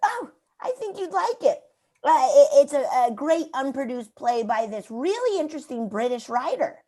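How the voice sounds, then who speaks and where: A woman's voice: high voice, very animated, moderate pace, mellow. A woman reading the part of a nervous young woman who stammers and giggles at a live script reading. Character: flustered young woman serving divorce papers. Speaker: table-read actor.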